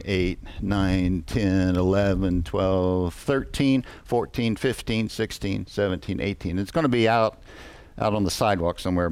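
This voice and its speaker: A man's voice: deep voice, darkish tone. A man preaching a sermon, reading scripture aloud and asking the congregation questions. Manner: interactive, asks the congregation questions; reads scripture aloud in a measured voice.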